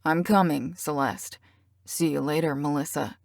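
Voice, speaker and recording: A woman's voice: deep voice, fairly even intonation, normal speed, no echo, clean studio sound. A woman voicing a cocky teasing bad boy. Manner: teasing, smooth, full of innuendo. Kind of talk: audiobook character reading.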